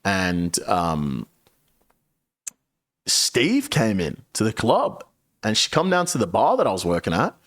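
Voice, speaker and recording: A man with a fairly low voice rambles through a profane story for his stream audience, often calling out to his viewers. His pitch swings up and down constantly as he tells it. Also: wildly swooping pitch, slow, long pauses, a bit bright. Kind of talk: casual storytelling to chat.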